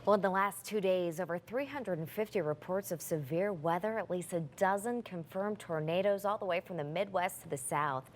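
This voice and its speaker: A woman's voice: on the low side, moderate pace, hardly any pauses, a little hiss or hum. A woman anchoring a TV newscast, reading stories in a scripted way and stressing place names. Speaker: news anchor. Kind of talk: TV news reading.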